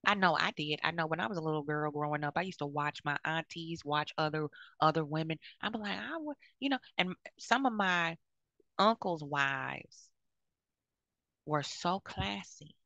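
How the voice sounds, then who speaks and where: A woman's voice: low voice, lively intonation, moderate pace, bright, forceful tone, no room sound, dull audio. A woman in her fifties giving blunt, outspoken advice to other women, often checking in with "okay?". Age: 50s. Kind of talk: frank advice monologue.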